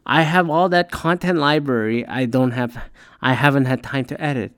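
A man's voice: mid-range voice, normal speed, a bit bright, clean tone, no echo, clean studio sound. A man hosting a solo podcast in a profane, rambling, exasperated rant, sounding tired. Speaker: podcast host.

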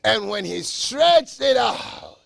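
A man preaching a sermon, shouting scripture with slow dramatic emphasis and swinging between loud proclamations and quiet asides. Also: sits high, sing-song, creaky, no room sound, clean studio sound. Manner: quoting scripture.

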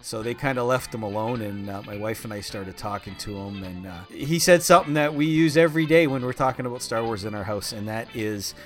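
A man co-hosting a collecting podcast, telling stories in an upbeat, casual way. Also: on the low side. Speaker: podcast co-host. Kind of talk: casual chat.

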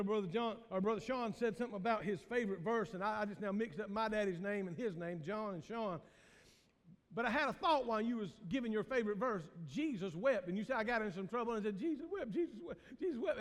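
A man's voice: very high voice, fairly bright tone. A man, a pastor preaching a sermon in a folksy way, asking the congregation questions and laughing often. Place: church sanctuary. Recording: long reverb of a church hall.

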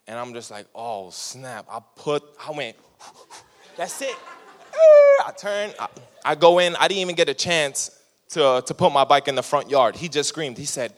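A man's voice: mid-range voice, unhurried, long reverb tail. A young man preaching to a youth group, telling a story and acting out the voices of the people in it. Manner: animated, acts out voices in his stories. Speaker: youth pastor. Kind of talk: sermon with storytelling.

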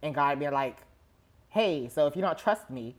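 A woman's voice: low-pitched, normal speed. A young woman in casual chat, telling stories with a lot of swearing and acting out the voices in them. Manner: animated storyteller, swears freely, acts out dialogue.

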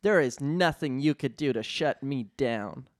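A man's voice: medium pitch, a little slow, no room sound, clean studio sound, lightly acted. Man doing a defiant elf kingpin.

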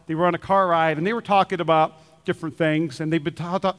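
A man's voice: on the high side, fairly even intonation, fast, fairly bright tone. A man preaching a Sunday sermon as pastor, talking animatedly and acting out the voices of the people he quotes. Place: church auditorium. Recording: long reverb of a large hall.

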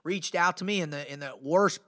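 Middle-aged man, high voice, energetic, informal, motivational storytelling, emphatic. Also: fairly quick. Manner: energetic, informal, peppers speech with "man" and "you know". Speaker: podcast host and motivational speaker.

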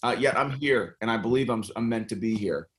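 A man's voice: mid-range voice, fairly quick, a bit bright. A middle-aged American man speaking earnestly in a casual interview as a congressional candidate, with many fillers and restarts. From United States.

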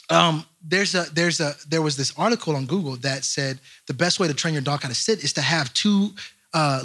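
Young guy youth speaker, high voice, bright and punchy, chatty and joking with the crowd. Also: husky. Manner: animated, chatty, joking, addresses the crowd directly. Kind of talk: storytelling talk to a young crowd.

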